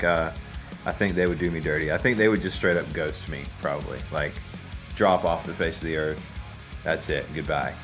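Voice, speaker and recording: A man giving casual, joking taste-test commentary as a host, rambling and halting with fillers. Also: low voice, fairly bright tone. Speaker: musician reviewing drinks.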